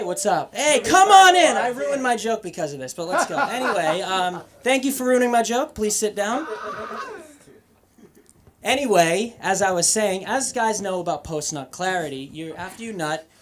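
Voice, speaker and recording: A young man from Boston doing an open-mic stand-up set, animated and profane, swinging between loud punchlines and muttered asides. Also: high voice. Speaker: stand-up comedian. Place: comedy club stage.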